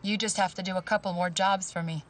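A woman's voice: medium pitch, quick pace, far from the mic, natural voice. A woman playing a cold, controlling schemer. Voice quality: calm, commanding.

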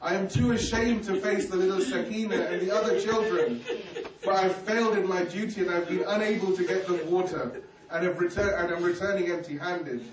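A man voicing a dying young warrior who speaks quietly and weakly, loyal and ashamed. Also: high voice, fairly quick, roomy sound, recorded from a distance, a crowd in the background, natural voice, poor audio. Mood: weak, pleading. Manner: quiet, weak and pleading.

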